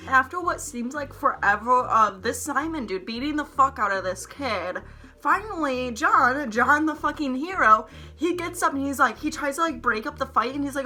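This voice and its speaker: A woman's voice: high-pitched, expressive, moderate pace, pushed and bright, soft background music. A young woman vlogger telling a heated storytime, rambling, swearing often and saying "like" a lot. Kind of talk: storytime vlog to camera.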